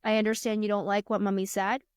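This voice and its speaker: A woman's voice: medium pitch, little pitch movement, fast, smooth, dry recording, studio quality. A woman in her thirties, a coach and podcast guest, earnestly telling parenting stories and acting out her children's lines. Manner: earnest, storytelling, acts out her kids' lines. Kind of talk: casual interview talk.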